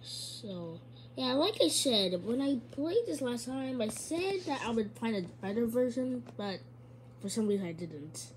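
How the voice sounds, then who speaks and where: A woman's voice: fairly high pitch, big pitch swings, a little slow, a little hiss or hum. A woman giving casual, chatty let's-play commentary, giggling and talking back to a game character. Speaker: gamer.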